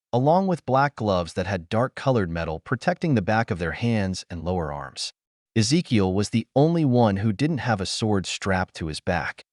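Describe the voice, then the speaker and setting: A man narrates an audiobook in a steady storytelling way. His low voice moves freely up and down in pitch. The recording is dry, with no room sound. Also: no room sound.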